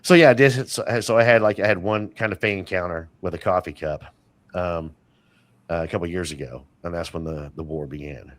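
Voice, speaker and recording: A man with a lowish voice chats as a podcast guest, drifting from one story to the next with plenty of fillers and restarts. The sound is dry and close. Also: brisk, dry recording. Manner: rambling storyteller, many fillers. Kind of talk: casual interview chat.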